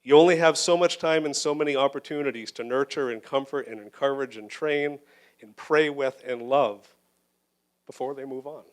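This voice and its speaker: A man's voice: medium pitch, normal speed. Earnest male pastor preaching. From United States. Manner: earnest, personal, building emphasis in lists. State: emotional, holding back tears. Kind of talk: sermon. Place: church sanctuary.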